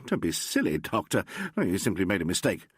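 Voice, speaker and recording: A man's voice: sits low, very animated, brisk, slightly rough, no echo, studio quality, full character voice. A man voicing a blustering, peevish middle-aged male traveller who talks brusquely and dismissively. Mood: irritable.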